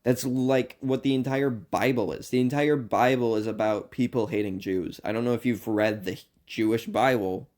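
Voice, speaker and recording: A man's voice: mid-range voice, fairly even intonation, moderate pace, hardly any pauses. Rambling earnest young man's monologue. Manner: earnest, meandering, swinging between loud outbursts and quiet asides. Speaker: university student performer.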